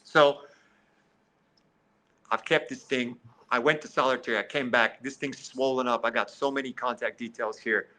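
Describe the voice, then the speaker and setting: A man who is a podcast guest, telling a story in a lively way. He slips into quoted dialogue and says "like" often. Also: medium pitch, normal speed, long pauses, rough recording. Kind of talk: animated storytelling in conversation.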